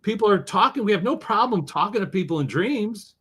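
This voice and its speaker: A male author talks through an interview with the animated energy of a storyteller. His voice sits a little on the high side and jumps up and down as he explains his ideas. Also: brisk, slightly rough. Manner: animated storyteller with wide pitch swings. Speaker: author and guest. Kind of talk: interview conversation.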